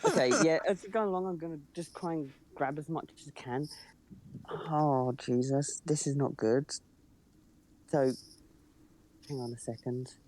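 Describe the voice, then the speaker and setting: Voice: medium pitch, unhurried, pauses often, a little mellow. A player in a tabletop game, speaking hesitantly with many filler sounds. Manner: hesitant, lots of ums. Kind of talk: casual tabletop play.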